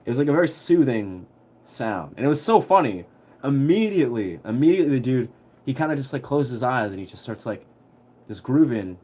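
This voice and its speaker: A young man telling a story on a livestream in a relaxed, rambling way, full of fillers. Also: medium pitch, fairly quick. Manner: rambling, heavy on fillers, laid-back.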